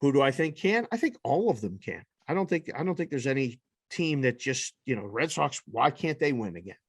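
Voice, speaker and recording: Lively, animated man hosting a sports podcast. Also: mid-range voice, a little fast, husky, dry recording, studio quality. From lives in Las Vegas. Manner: animated and profane, leading the banter. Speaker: podcast host. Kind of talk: casual sports chat.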